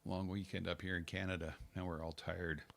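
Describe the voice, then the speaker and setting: Male radio co-host, very low and gravelly, sharp bright tone, lively pitch, short relaxed replies. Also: fairly quick. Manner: brief backchannel replies, relaxed. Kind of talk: casual radio chat.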